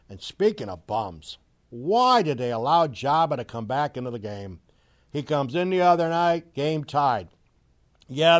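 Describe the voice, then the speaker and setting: A middle-aged man ranting about sports as a commentator, mocking and loud, swinging from low grumbles to shouted outbursts. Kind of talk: opinionated sports rant.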